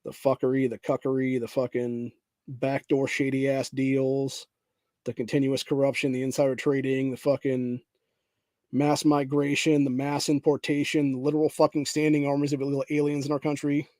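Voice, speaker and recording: A man's voice: medium pitch, level tone, normal speed, a little mellow, no room sound. A man hosting a political podcast, ranting angrily and profanely, often saying "dude", and reading headlines aloud. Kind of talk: angry political rant.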